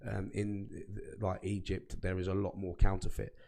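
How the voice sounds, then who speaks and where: A man's voice: low-pitched, completely flat delivery, normal speed, creaky, dark tone. A man, co-hosting a casual podcast and teasing his partner with sweary banter. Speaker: podcast co-host.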